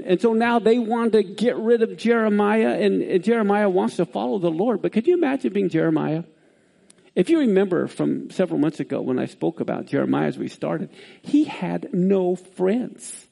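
A man preaching a sermon, reading scripture aloud with sudden swings in pitch. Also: animated, normal speed, creaky, dark tone.

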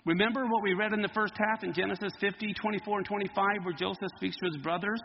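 A man preaching a Bible teaching sermon, lively and emphatic as he explains Hebrew words. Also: high voice, fast, creaky, long reverb tail, lo-fi sound, a little hiss or hum.

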